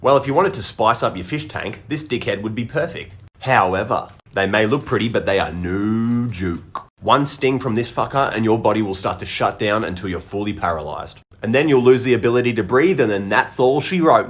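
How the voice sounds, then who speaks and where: A man's voice: lowish voice, lively intonation, moderate pace, a bit bright. Sweary, blunt Australian man. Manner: blunt, heavy swearing, laid-back. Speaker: short-video creator. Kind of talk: comedic list narration.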